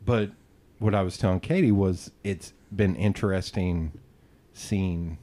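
A man's voice: low-pitched, unhurried, warm tone. A man hosting a podcast, telling rambling, self-deprecating stories in casual chat and swearing freely. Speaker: podcast host.

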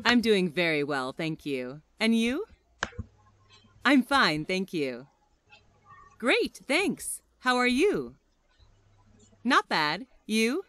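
A woman slowly reading everyday English phrases one at a time for learners, with a deliberate teaching delivery. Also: mid-range voice, big pitch swings, a bit bright, no echo.

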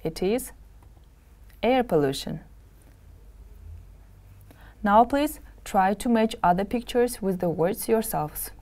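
A woman's voice: medium pitch, lively intonation, a little mellow. A woman teaching English in a televised lesson. She sounds each word out carefully and repeats it for students to copy. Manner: slow, careful drills with repeated words.

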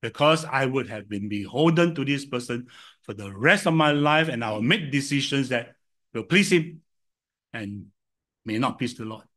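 Animated older Singaporean pastor preaching. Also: male voice, mid-range voice, moderate pace. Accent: Singaporean English. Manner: animated storytelling, swinging from loud to soft. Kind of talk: sermon.

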